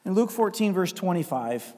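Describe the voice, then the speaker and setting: A man delivers a sermon in a noticeably high voice, swelling into emphatic, repetitive runs before sinking into quiet, confessional asides. He reads scripture aloud between points. The sound carries a long hall reverb around him. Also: very animated, moderate pace. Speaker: pastor.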